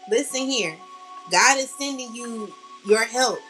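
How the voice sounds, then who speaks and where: A woman with a fairly high, bright voice delivers a slow, heartfelt spiritual monologue to her listeners. She is blunt and passionate, swears freely, and sounds close to tears. Soft music plays quietly behind her. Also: rough recording. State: near tears. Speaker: tarot reader. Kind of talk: emotional spiritual monologue to viewers.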